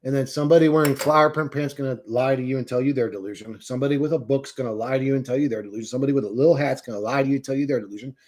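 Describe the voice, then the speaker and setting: A man's voice: mid-range voice, steady tone, very fast, hardly any pauses, darkish tone. A man hosting a live stream, talking straight to his viewers in a heated, profane rant. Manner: swearing, heated, mocking; chats to viewers in the stream chat. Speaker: livestream host.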